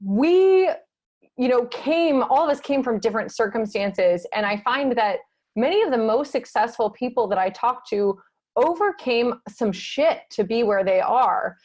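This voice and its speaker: Woman podcast host, a touch high-pitched, enthusiastic, loose with swearing. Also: animated, measured pace, darkish tone. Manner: enthusiastic, swears casually, gasps and laughs. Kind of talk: casual podcast interview.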